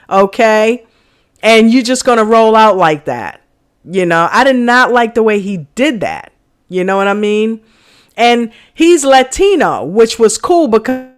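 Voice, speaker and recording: Chatty woman from New Jersey. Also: medium pitch. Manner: chatty, rambling, many "you know"s. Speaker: reaction channel co-host. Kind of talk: casual reaction commentary to live chat.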